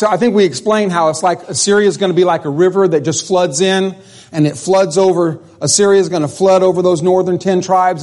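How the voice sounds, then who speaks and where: A man's voice: high voice, darkish tone. A man preaching a sermon in a conversational way, often asking the congregation questions. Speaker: pastor.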